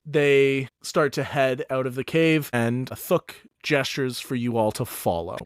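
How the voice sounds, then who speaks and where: A man's voice: mid-range voice, measured pace, clean tone. A man as dungeon master, narrating a tabletop game in a casual, chatty way.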